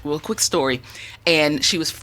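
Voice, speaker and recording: Woman guest, lively storyteller, lowish bright tone. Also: moderate pace, slight background noise. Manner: chatty, animated storyteller with laughs. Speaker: guest, product maker. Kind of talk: casual radio talk.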